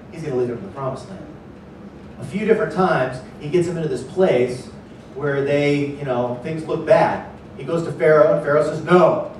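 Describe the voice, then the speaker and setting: Pastor preaching in an echoey church. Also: male voice. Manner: animated, acts out panicked voices in a raised pitch. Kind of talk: sermon. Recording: echoey church hall, distant mic, faint noise.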